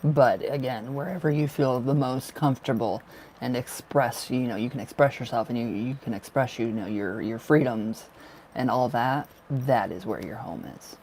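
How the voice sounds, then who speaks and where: Gravelly-voiced man doing a tarot livestream. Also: medium pitch, normal speed, slight background noise. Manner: warm, gushing, laughs often. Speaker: tarot reader. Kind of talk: casual livestream chat.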